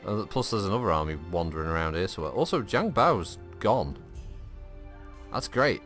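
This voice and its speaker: Lively man telling a story. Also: sits low, normal speed, soft background music. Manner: animated storytelling, swears freely, laughs often. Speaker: gameplay streamer. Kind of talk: casual gaming commentary.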